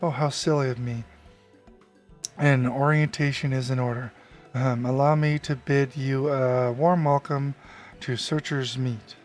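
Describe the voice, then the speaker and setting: A man reading out the lines of a chatty school clerk who welcomes a newcomer, slowly, stumbling over hard names. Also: mid-range voice, fairly even intonation, soft background music, natural voice. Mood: welcoming.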